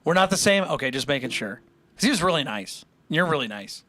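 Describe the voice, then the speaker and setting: A man's voice: on the high side, very animated, brisk, sharp tone. A young man hosting a music livestream, rambling and joking with his chat and laughing often. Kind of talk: casual chat with live chat.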